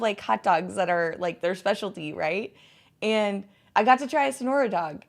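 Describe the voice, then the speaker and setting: Chatting casually on her stream, a woman in her thirties rambles along and says "like" constantly. She speaks a little fast in a gravelly, mid-range voice.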